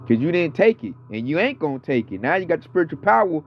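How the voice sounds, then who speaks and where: A man's voice: a little high, very animated, fast, slight background noise. A man in his thirties or forties giving a casual, fired-up sermon, slangy and profane. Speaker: preacher. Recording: dull lo-fi audio with faint music.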